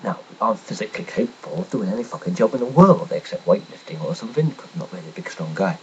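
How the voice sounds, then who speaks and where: Young english guy ranting and swearing, kinda low voice, faint hiss behind. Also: sing-song, quick pace, muffled recording. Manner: blunt, swearing, sarcastic storytelling. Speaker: vlogger telling a personal story. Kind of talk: casual ranting monologue.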